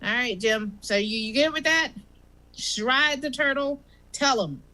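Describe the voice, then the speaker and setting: A woman's voice: sits high, unhurried, bright, forceful tone. A woman doing stand-up comedy, telling a rambling, conversational story.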